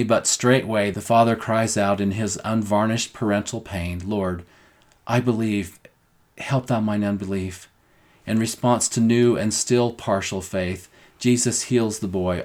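A man's voice: on the low side, darkish tone. A middle-aged man teaching a gospel lesson, quoting a talk in an earnest, tender way. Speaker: scripture teacher.

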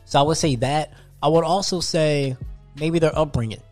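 This young man has a fairly high voice and talks in an earnest, slangy way. He keeps checking in with his co-host as he lays out his views in casual podcast chat. Light music sits underneath. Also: steady tone, normal speed, a little mellow. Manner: earnest, slangy, leans on "you know what I'm saying".

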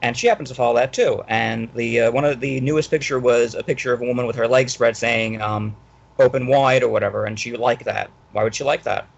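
A man rants fast and angrily, swearing and stumbling over repeated words. His voice is gravelly and husky. The audio is dull and lo-fi. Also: mid-range voice. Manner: angry, ranting, profane, repeats himself. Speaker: guest. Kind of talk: casual podcast chat.

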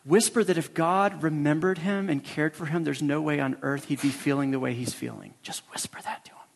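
A man voicing a sly, scheming older male demon mentor in a hushed, insinuating murmur, in a reverberant hall. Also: fairly high pitch, fairly even intonation, normal speed, vocal fry.

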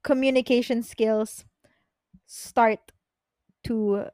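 A young woman, hosting a podcast and telling personal stories in an excitable, rambling way, swearing freely. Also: on the high side, extremely slow, dry recording. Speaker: podcast host. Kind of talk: casual personal storytelling. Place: bedroom, on her bed.

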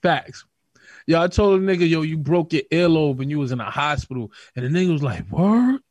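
A man from Queens with a New York accent, co-hosting a casual podcast. His voice is high and recorded dry and close. He tells stories with gusto and acts out the other people in them. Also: a little fast, no room sound. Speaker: podcast co-host. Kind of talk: casual storytelling chat.

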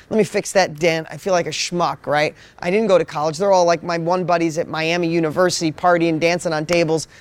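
High-pitched guy, fired up, telling his story to a panel, keeps restarting words. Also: no echo. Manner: energetic, storytelling, repeats words when excited. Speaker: business coach. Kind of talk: motivational panel talk.

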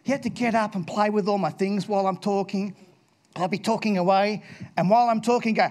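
A man with a notably high-pitched voice tells a story to an audience of children. His delivery is animated and theatrical, jumping into playful voices, then sinking low and quiet when the point turns serious. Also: brisk. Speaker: speaker addressing schoolchildren.

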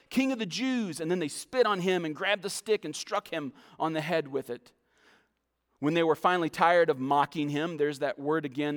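A man delivers a sermon in a somewhat high voice, reading scripture aloud and then explaining it. His voice carries a long reverb, as if spoken in a large hall. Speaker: pastor.

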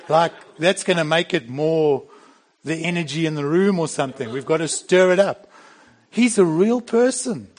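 A man's voice: fairly high pitch, moderate pace, a little mellow. A middle-aged man preaching a sermon in a plain, conversational way, with bursts of emphasis. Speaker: pastor.

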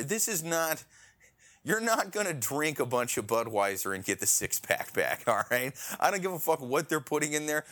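A man co-hosting a casual podcast chat, ranting with lots of swearing and big swings in his voice. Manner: profane, ranting, animated swings in pitch.

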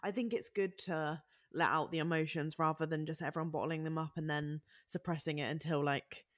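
A woman's voice: low-pitched, fairly even intonation, a little fast, no echo, studio quality. A woman hosting a podcast, chatting casually, agreeing and adding her own stories with many fillers. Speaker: podcast host. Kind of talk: casual conversational interview.

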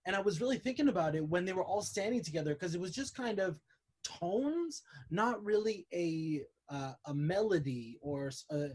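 A man in casual chat about movies, rambling and animated with frequent restarts. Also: sits high, normal speed, slightly rough.

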